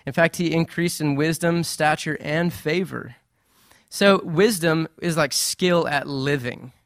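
A man preaching a sermon in a conversational, animated way with playful asides. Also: on the high side, no room sound, clean studio sound. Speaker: pastor.

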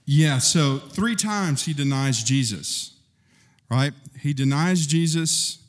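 A man preaching a sermon in an animated way, acting out the people in the story as he goes. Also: slow pace. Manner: animated, acts out quotes with rising pitch. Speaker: pastor. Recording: long hall reverb.

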